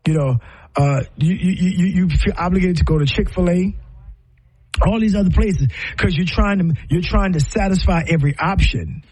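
Middle-aged guy, kinda husky and a bit high, rambles and restarts a lot. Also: moderate pace, a little mellow, poor audio. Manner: rambling, many restarts and repeated words. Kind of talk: casual reflective monologue.

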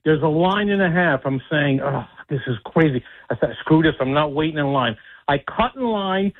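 A man calling in to a radio show, telling a story with animated acted-out voices. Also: a little high, moderate pace. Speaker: caller. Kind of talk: call-in storytelling. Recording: tinny phone line.

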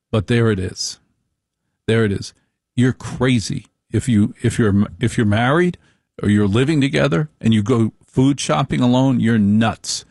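A middle-aged man delivering a slow, deliberate, wry opinion monologue with repeated phrases. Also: medium pitch, a little mellow, no room sound, studio quality.

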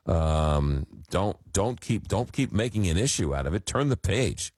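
A radio talk show host, telling a rambling story full of fillers. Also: male voice, low voice, animated, unhurried, a little mellow, no echo. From Long Island, New York. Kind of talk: casual call-in radio chat. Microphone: studio microphone.

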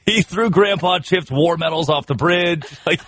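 A man's voice: a little high, moderate pace, fairly bright tone, no echo. A man hosting a sports radio show, riffing in comic talk with laughter and mock outrage.

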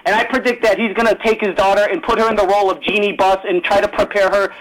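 Chicago guy calling in, super high voice for a dude, rattles off ten topics at once. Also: flat delivery, low-quality recording. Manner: rapid, rambling, jumps between topics. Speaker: caller. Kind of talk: call-in chat.

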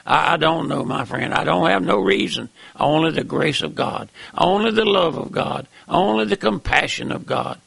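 Gravelly fervent old preacher. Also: male voice, a little high, lively intonation, normal speed, few pauses, fairly bright tone, no echo. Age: older. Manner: fervent, repeats "my friend" and "that's right", stammering restarts. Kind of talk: fiery old-time sermon.

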